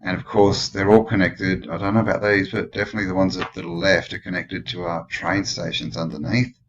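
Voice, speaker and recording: Australian male host, deep register, rambling musing commentary, muffled lo-fi audio. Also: steady tone, fairly quick, slight background noise. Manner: rambling, musing, full of questions. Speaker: channel host. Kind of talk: casual commentary over old photos.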